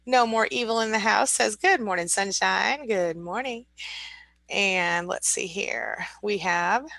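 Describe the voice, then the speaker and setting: A woman's voice: medium pitch, slow, creaky, no room sound. Chatty woman host reading viewer comments. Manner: warm, encouraging, chatty with frequent laughs. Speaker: live-stream host. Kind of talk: casual live-stream chat, reading viewer comments aloud.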